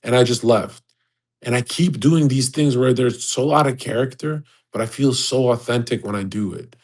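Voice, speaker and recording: Husky, crude ranting man. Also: mid-range voice, moderate pace, darkish tone, rough recording. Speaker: host of an audio chat room. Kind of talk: casual profane rant.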